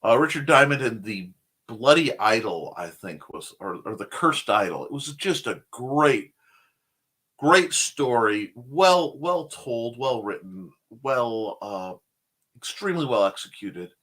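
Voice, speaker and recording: A man's voice: medium pitch, very animated, measured pace, pushed and bright, husky. A man hosting a casual livestream talk show, chatting in a rambling, enthusiastic way as he answers viewer comments. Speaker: host of a creative talk show.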